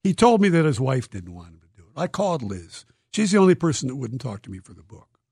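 A man, an author being interviewed, telling stories in a lively, dramatic way and acting out quotes. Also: medium pitch, quick pace, vocal fry, slightly rough, dry recording, studio quality. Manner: lively, dramatic storyteller who acts out quotes. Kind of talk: animated interview storytelling.

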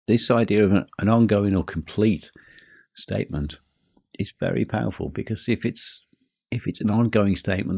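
A man speaks in a low, slightly husky voice as he hosts a podcast about teaching. His delivery is measured, easing the pace for emphasis. The sound is dry and close, with no room echo. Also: darkish tone. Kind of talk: scripted podcast talk.

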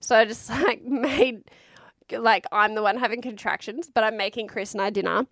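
A woman's voice: fairly high pitch, moderate pace, a bit bright, no echo, studio quality. A woman, frankly recounting her birth story in a casual, chatty way, swearing freely.

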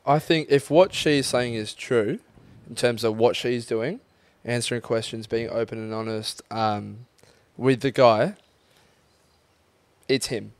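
A man's voice: medium pitch, unhurried, pauses often, dry recording. A young man, co-hosting a casual podcast chat, reflective and hesitant, with many ums. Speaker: podcast co-host.

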